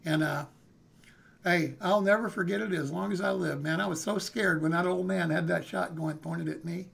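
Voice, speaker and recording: A man's voice: high voice, moderate pace, creaky, fairly bright tone, husky. A man, telling a story on a live stream in a folksy, rambling way and often saying "hey" and "man". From California, USA. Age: 60s. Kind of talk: casual storytelling.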